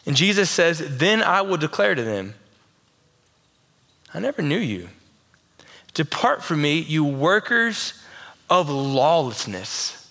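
High, bright-voiced preacher man. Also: big pitch swings, slow, pauses often. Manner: impassioned, rising to emphatic peaks; drops to soft, intimate tone for Jesus' warnings. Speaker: pastor. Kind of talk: sermon.

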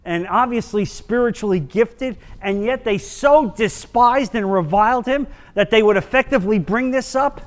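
A man's voice: high-pitched, moderate pace, in a large hall. A man teaching a Bible class, reading scripture in an emphatic, dramatic way.

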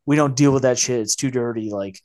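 A man's voice: mid-range voice, fairly quick, a little mellow. A man co-hosting a film podcast, talking in a loose, rambling way with many fillers and acted-out quotes. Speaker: podcast co-host. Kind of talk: casual film discussion.

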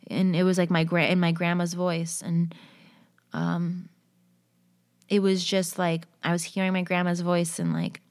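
A young adult woman with a lower-than-usual voice shares stories in an easy, conversational way. Her talk is loose and unpolished, and she often pauses on "um" and "like" as she works through each tale. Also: no room sound, clean studio sound. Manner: conversational, with frequent fillers like "um" and "like". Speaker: storyteller. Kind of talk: casual spoken storytelling and reading of stories.

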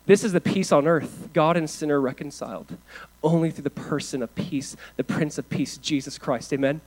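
A pastor delivering a sermon, moving from hushed, earnest lines to loud emphatic ones, with casual asides and fillers. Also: male voice, a little high, normal speed, poor audio.

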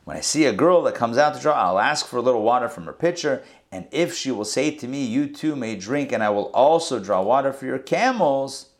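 A rabbi leads a Torah class in a mid-pitched male voice. He retells the scripture with lively storytelling and acts out the lines of the verses as he goes.

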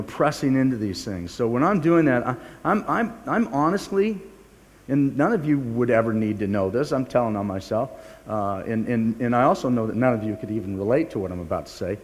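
An older male pastor delivers a sermon in an earnest, confessional way, stumbling over restarts and teasing himself along the way. His mid-range voice rings out with a long hall reverb behind it. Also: medium pitch. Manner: earnest, confessional, with frequent restarts and self-mocking humor.

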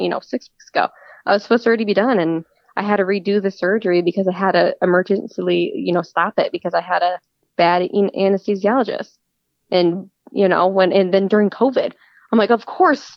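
A woman's voice: fairly low pitch, vocal fry, no echo. A woman speaking earnestly as a guest in a casual interview, often restarting her sentences. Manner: earnest, repeats words when starting sentences. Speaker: guest, cancer patient. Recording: dull lo-fi dry audio.

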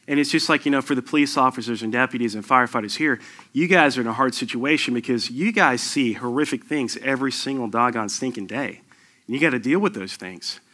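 A man's voice: mid-range voice, fairly quick, pushed and bright. A middle-aged man, a military veteran, telling a personal war story to an audience in an emphatic, conversational way.

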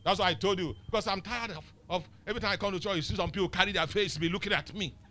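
A man's voice: high voice, rapid-fire, sharp tone, a little hiss or hum. A male pastor preaching a sermon, emphatic and teasing, firing rhetorical questions at the congregation. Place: church.

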